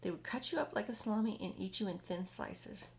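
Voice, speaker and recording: A woman reading aloud, voicing a boastful, rude male centipede who scoffs and shouts insults. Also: mid-range voice, a little fast, creaky, lightly acted. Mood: gloating. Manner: mocking, loud, insulting.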